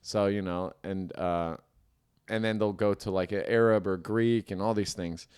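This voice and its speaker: Young man, comedy podcast co-host, casual, rambling, lowish voice. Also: steady tone, a little slow, a little mellow, clean tone. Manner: rambling, heavy use of "like".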